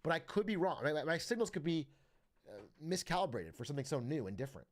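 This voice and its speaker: A man's voice: fairly high pitch, sing-song, fast talker. A young man streaming, chatting casually with viewers in a rambling, profane way and laughing often. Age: young adult.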